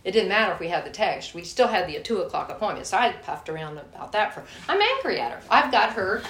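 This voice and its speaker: A woman giving a sermon and telling personal stories in a lively way, acting out her own anger. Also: mid-range voice, quick pace. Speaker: guest speaker. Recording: echoey room.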